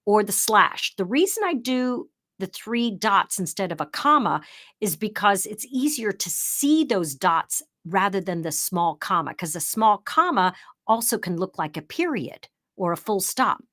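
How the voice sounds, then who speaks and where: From her home office, a middle-aged woman presents an online workshop, chatting loosely as she walks through examples step by step. Her mid-range voice is sing-song, fairly bright, and a little slow. When she shows the script, she switches to a crisp, emphatic, broadcaster-style read.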